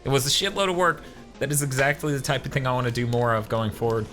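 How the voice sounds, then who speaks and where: A man doing casual live-stream commentary over a game, ranting with profanity and quick laughs. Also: medium pitch, fairly bright tone. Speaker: streamer playing and reviewing a game. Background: game music.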